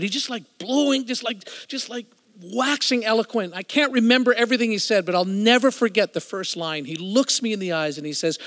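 A middle-aged man preaching a storytelling sermon, emphatic and shifting from loud to hushed, as a worship musician. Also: high voice, a little fast. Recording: echoey hall reverb.

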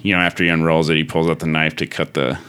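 A man's voice: rumbling low, little pitch movement, fast, bright, forceful tone, smooth. A man from South Dakota telling stories as a studio guest, rambling and leaning heavily on fillers like "uh" and "like.". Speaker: podcast guest. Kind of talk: casual storytelling.

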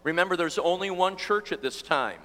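A pastor in his sixties delivers a live sermon in a church. His voice is bright and slightly high. He tells stories in a chatty, self-deprecating way, and a long hall reverb trails his words. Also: expressive, normal speed. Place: church sanctuary before a congregation.

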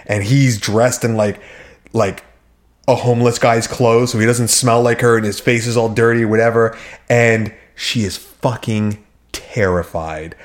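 A man's voice: medium pitch, fairly even intonation, unhurried. A man co-hosting a podcast, telling rambling, profane stories in casual chat with many restarts. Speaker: podcast co-host.

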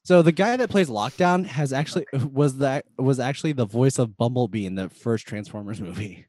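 A man co-hosting a laid-back movie podcast, his voice sitting at an ordinary middle pitch. He rambles through film trivia with plenty of ums and restarts. The sound is close and dry, with no room around it. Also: a little fast, darkish tone, no echo. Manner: rambling, trivia-sharing, frequent fillers. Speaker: podcast co-host. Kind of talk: casual movie-review chat.

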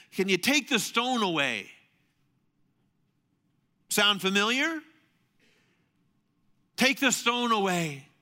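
A male pastor preaching a sermon, telling the story animatedly and swinging between loud emphasis and hushed asides. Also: sits high.

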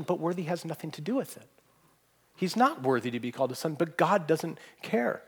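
A man preaching a sermon, earnest, pressing points hard and then dropping to a hushed voice. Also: fairly high pitch, very animated, fairly quick, slightly rough. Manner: earnest, swings from emphatic to hushed. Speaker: pastor.

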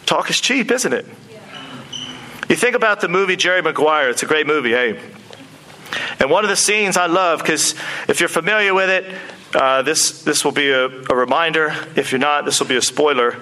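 A man preaching a sermon to his church, lively and animated, acting out quotes and movie scenes. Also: high-pitched, normal speed, slight background noise, low-quality recording. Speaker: pastor.

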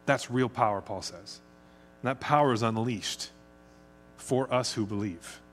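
A man's voice: medium pitch, measured pace, slight background noise. A middle-aged man from the United States, preaching a conversational sermon as pastor. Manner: conversational, chatty, speeds up when excited.

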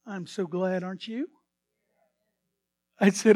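A man preaching a sermon as pastor, swinging between hushed asides and sudden loud bursts. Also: high-pitched, moderate pace, no room sound.

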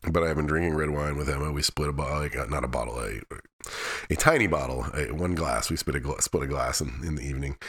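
A man's voice: a bass voice, quick pace, a bit bright, breathy edge. A middle-aged man hosting his own podcast, giving a candid, rambling weekly update full of restarts and wry asides. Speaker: podcast host. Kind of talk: casual solo update.

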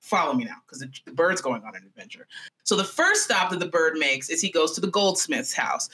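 Bright-voiced, animated young woman storyteller. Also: sits low, brisk. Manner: animated, profane, chatty. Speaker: podcast host. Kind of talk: comedic storytelling.

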